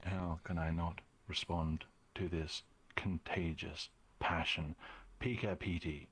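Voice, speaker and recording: Game prince, solemn and formal; very low, unhurried delivery. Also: male voice, fairly even intonation, a bit bright, slightly rough, full character voice. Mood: ceremonious. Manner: formal, measured announcing. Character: solemn royal prince addressing travelers. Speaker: game character.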